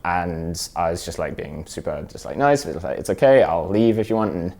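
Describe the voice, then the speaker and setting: A young man and podcast guest telling a story in candid, halting casual chat, acting out the lines he quotes. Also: deep voice, expressive, creaky, darkish tone.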